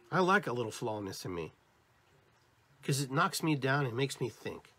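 A husky-voiced man hosting a spiritual podcast, talking straight to his listeners. His pitch swings up and down as he hammers home each point through repetition. He sounds like a motivational talk. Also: fairly bright tone. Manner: emphatic and repetitive, addresses listeners directly; acts out different tones of voice as examples. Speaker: podcast host.

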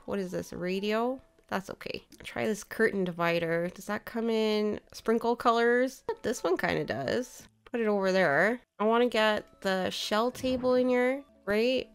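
A woman talks through a game in a relaxed, casual commentary, her voice smooth and clear at a middling pitch. She thinks out loud as she goes and drops playful little asides. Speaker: gaming video creator.

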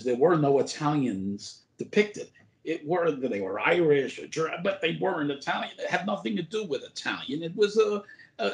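An older man who is a former borough president, telling stories as an interview guest in a rambling way, with lots of "uh" and restarts. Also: medium pitch. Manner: rambling anecdotes full of "uh" and restarts. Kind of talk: casual interview storytelling. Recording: roomy echo.

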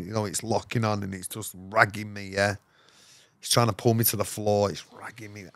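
An English man appearing as a podcast guest tells a rambling story in casual, slangy talk, swearing often and using fillers like "you know what I mean." His voice is fairly low and gravelly with a fairly bright tone, and there's no room sound.

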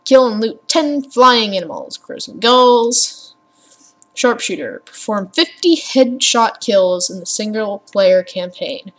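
A woman's voice: mid-range voice, animated, unhurried, few pauses, fairly bright tone. A tired young woman rambling casually in a gaming vlog, swearing freely and reading achievement lists aloud. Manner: chatty, swears a lot, reads achievements aloud. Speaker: gaming vlogger.

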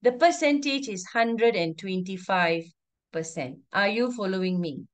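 A woman's voice: medium pitch, lively intonation, a little slow. A woman teacher, teaching an online class over a video call, firmly repeating instructions and calling on pupils by name. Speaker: primary school teacher.

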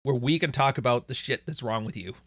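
With no room sound on the recording, a man hosts a livestream in a medium-pitched voice at a slightly fast pace. He goes on crude, blunt, profane rants and reads out what viewers type in chat.

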